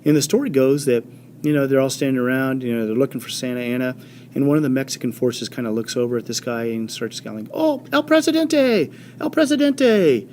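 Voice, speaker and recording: A man teaching a history lesson in an animated storytelling way, with many fillers and quick voiced quotes. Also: medium pitch, slight background noise. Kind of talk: classroom history lecture.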